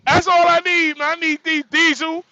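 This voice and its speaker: High bright joking trucker man. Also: little pitch movement, normal speed, no room sound, highs cut off. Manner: joking, repetitive, frequent laughter. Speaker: livestream host; truck driver. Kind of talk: casual livestream talk.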